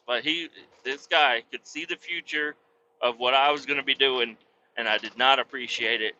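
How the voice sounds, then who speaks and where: A man's voice: medium pitch, fairly even intonation, moderate pace, pushed and bright. A man hosting a podcast, telling a comic story in an exasperated, heavily profane rant, on a dull lo-fi recording. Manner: exasperated ranting, heavy swearing, frequent restarts. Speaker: podcast host.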